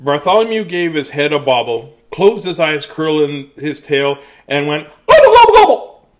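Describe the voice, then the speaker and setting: A man's voice: fairly high pitch, normal speed. A man reading his own picture book aloud to children in a sing-song, playful way, then chatting casually about it. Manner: sing-song, playful, drops to soft hush at endings. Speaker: children's book reader and author.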